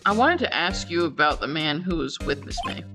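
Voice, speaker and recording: A woman's voice: deep voice, big pitch swings, a little fast. A woman reading the lines of an earnest young male defense lawyer in her own voice, with game music behind.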